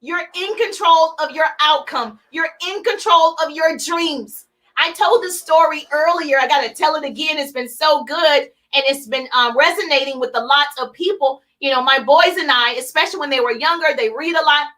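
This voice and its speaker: A woman hosts a live motivational broadcast, driving her points home in short, punchy, repeated phrases. Her voice sits very high and sounds bright and forceful. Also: moderate pace. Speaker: host of a business coaching broadcast.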